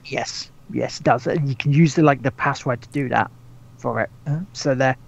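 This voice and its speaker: A man's voice: mid-range voice, fairly even intonation, moderate pace, vocal fry, lo-fi sound. A man co-hosting a gaming podcast, rambling casually, stumbling over repeated words and swearing freely. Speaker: podcast co-host.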